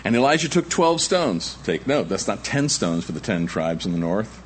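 A man preaching an expository sermon, reading scripture and adding conversational asides, sometimes jumping to high shouting voices to act out characters. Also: moderate pace, a little hiss or hum. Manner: animated, acts out the Baal prophets in high shouting voices. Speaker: pastor.

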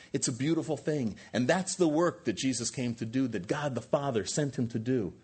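Male pastor, husky voice, lively swooping delivery, preaching with emphatic rhetorical questions. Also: mid-range voice. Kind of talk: sermon.

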